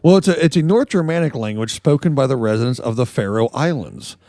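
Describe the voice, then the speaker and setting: He co-hosts a comedy news podcast, speaking at a medium pitch, fast and animated, with a mellow tone in a studio-quality recording without echo. His storytelling rambles and jokes, punctuated by laughs, in casual comedic news chat.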